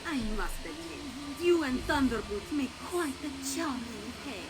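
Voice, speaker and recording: An actress voicing a mysterious woman stranger in a video game, smooth, condescending and politely threatening. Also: sits high, expressive, a little slow, very noisy. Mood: taunting. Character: mysterious woman stranger, silky and veiled-menacing. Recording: game audio with music behind.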